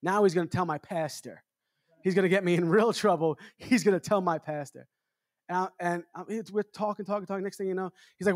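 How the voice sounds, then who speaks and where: American evangelist man, high voice, dry close sound, jokey storyteller who acts out the quotes. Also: fairly quick, dry recording. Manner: animated, jokey, acts out quotes with big pitch jumps. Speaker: evangelist preacher. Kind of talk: storytelling sermon. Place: church revival meeting.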